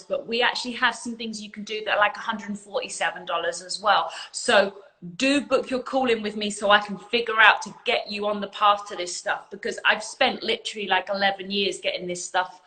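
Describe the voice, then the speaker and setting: A woman's voice: fairly high pitch, bright, forceful tone, rough recording. A woman spiritual coach giving an emphatic, earnest talk on a livestream and swearing casually at times. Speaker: spiritual coach and community leader.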